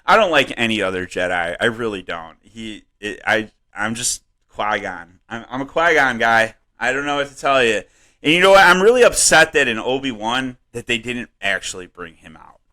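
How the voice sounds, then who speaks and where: A man co-hosting a comedy podcast, rambling and swearing in casual chat, laughing often and jumping up in pitch when worked up. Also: moderate pace. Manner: animated, voice jumps up when worked up. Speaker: podcast co-host.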